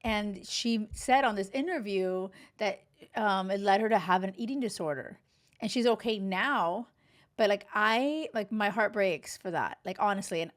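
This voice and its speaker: Chatty frank woman podcast host. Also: medium pitch. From Cuban heritage. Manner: chatty, frank, peppered with "like" and "you know". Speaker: dating advice podcast host. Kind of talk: casual reality-show commentary.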